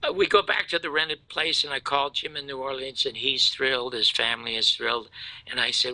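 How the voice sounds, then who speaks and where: An older man with a gravelly, creaky voice and a bright, edgy tone tells stories in a lively way. He goes from near-shouting to hushed asides. The sound is dry and close to the mic. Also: medium pitch, normal speed, no echo, poor audio. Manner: animated, swings from loud outbursts to hushed asides. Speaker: show host telling stories. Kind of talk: storytelling in casual chat.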